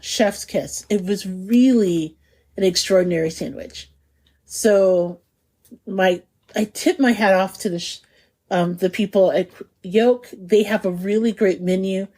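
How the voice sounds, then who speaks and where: Laughing woman podcast host. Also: mid-range voice. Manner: lively, laughs often, lingers on food descriptions. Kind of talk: casual chat.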